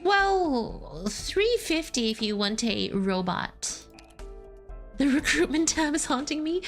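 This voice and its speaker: A woman's voice: high-pitched, very animated, takes it slowly, fairly bright tone, faint music behind. A woman streamer reading through a game story, with playful, giggly commentary. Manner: playful, giggly, reads game dialogue aloud.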